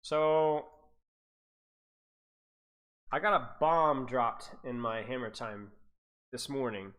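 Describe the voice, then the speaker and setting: Talking to the viewers in his chat, a male esports coach rambles through a casual livestream, repeating himself and laughing along the way. He has a mid-range, slightly bright voice and speaks at a slow pace.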